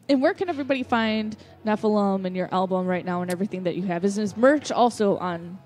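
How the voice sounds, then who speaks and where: A young woman co-hosts a casual podcast, running through announcements with chatty energy. Her voice sits at a middle pitch. Faint music plays underneath. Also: brisk, darkish tone. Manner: chatty, upbeat, stumbles over band names. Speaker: podcast co-host. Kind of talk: casual chat, reading show announcements.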